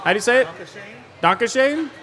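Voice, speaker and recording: Male co-host, high bouncy voice, quick quips and teasing at a live show. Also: lively intonation, sharp tone. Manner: wisecracking, playful interjections. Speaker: podcast co-host. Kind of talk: casual chat at a live podcast. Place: brewery with a live audience.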